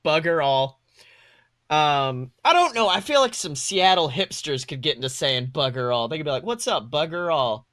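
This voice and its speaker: A man's voice: on the high side, expressive, normal speed, a bit bright, no echo, studio quality. A man co-hosting a casual podcast chat, joking, swearing and mimicking voices. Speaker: podcast co-host.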